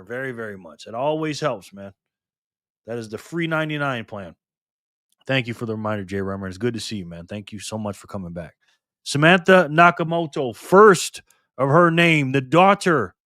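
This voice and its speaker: A man's voice: a little high, dry recording, clean studio sound. Upbeat man greeting his stream chat. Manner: greets chat viewers one by one, lively and upbeat; slow and earnest when speaking of freedom and tyranny. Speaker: live stream host. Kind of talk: casual live stream chat.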